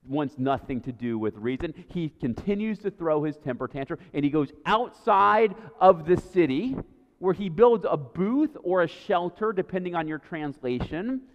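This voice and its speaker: A man preaching a sermon as a pastor, in a conversational way, often checking in with the listener by asking "right?". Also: a little high. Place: church sanctuary. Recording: dull sound with long church reverb.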